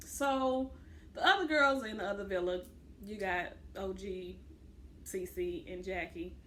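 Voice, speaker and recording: A young adult woman recapping a reality show in casual chat, loud and boisterous, acting out what people said. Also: medium pitch, measured pace, a little hiss or hum. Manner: loud, boisterous storyteller who acts out quotes. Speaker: co-host reviewing a reality show.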